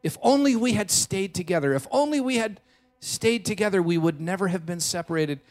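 A man putting on a high, pleading older Viennese woman. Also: animated, fairly quick, darkish tone. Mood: regretful. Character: older Viennese woman, emotional refugee widow.

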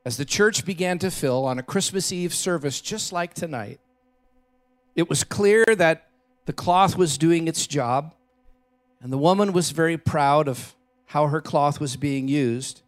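A man preaching a Christmas Eve sermon in a church, telling a story with dramatic shifts between loud and hushed delivery. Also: fairly high pitch, unhurried. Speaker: pastor.

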